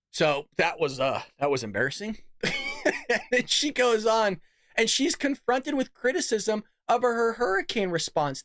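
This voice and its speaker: Male host for political commentary, mocking and sarcastic, animated pitch, dry close mic. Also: moderate pace, no echo. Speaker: show host.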